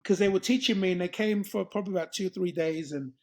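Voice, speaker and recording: He talks fast in a high register: a middle-aged Englishman, guest on a laid-back interview, animatedly telling a story, laughing frequently and impersonating its characters.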